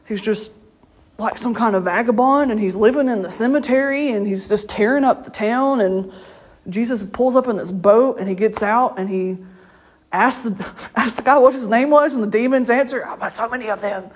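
Husky woman preaching. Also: fairly high pitch, moderate pace. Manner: conversational storytelling, laughs often. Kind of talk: informal sermon.

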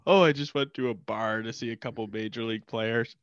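A man's voice: mid-range voice, normal speed, no echo. Teasing man on a dull, dry mic. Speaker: podcast co-host. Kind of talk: casual chat.

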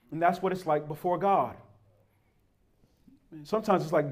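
Male pastor, sermon, fairly high voice, loud exhortation then hushed low asides, addresses the congregation as beloved. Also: lively intonation, normal speed. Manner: acts out his grandmother's scolding voice.

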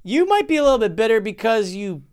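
A man's voice: sits high, sing-song, fast, smooth. A man co-hosting a casual movie review podcast, laid-back and joking, often calling his co-host dude.

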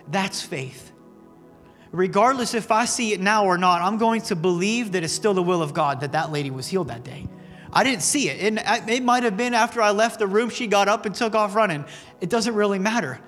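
In a church sanctuary filled with long reverb and faint music, a pastor preaches a sermon in a high, fairly bright voice at a moderate pace. His stories come across as casual and earnest, sprinkled with fillers such as "man."

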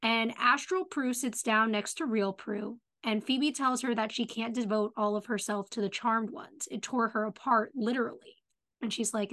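Recapping a TV episode in casual podcast chat, a young adult female co-host retells scenes by quoting the characters with "she's like," filling her talk with lots of "like." She speaks at a moderate pace, her voice fairly high and fairly bright.

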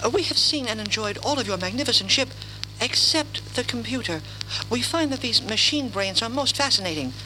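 A man's voice: very high voice, animated, brisk, sharp tone, slight background noise, exaggerated voice, rough recording. A man voicing a small, overly polite male alien ambassador who speaks formally and apologizes often. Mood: fussy polite.

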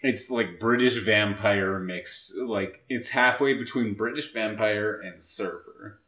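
A man's voice: fairly low pitch, slow, pushed and bright. A man co-hosting a podcast in casual chat, with a dry, teasing manner. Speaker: podcast co-host. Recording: roomy echo.

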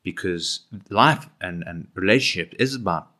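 A man's voice: low voice, lively intonation, normal speed, bright, forceful tone. A man co-hosting a casual podcast, talking reflectively with many restarts. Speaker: podcast co-host. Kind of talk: casual chat.

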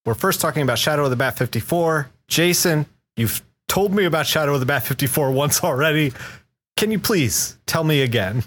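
A man's voice: fairly high pitch, expressive, a little fast, a bit bright, breathy edge. A man co-hosting a comic book podcast, steering the talk and teasing his co-host with playful questions and laughter.

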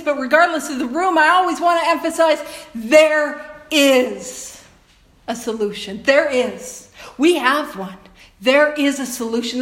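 High-voiced woman speaking in an echoey room. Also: a bit bright. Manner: earnest, conversational, often laughing, addresses the room directly. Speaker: speaker at a recovery meeting. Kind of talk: personal talk to a meeting. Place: meeting room with an audience.

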